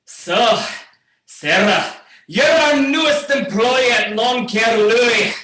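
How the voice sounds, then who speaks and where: A man doing a shouty boss. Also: extremely high pitch, takes it slowly, full character voice. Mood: bossy. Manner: shouting, bossy. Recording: roomy, far from mic.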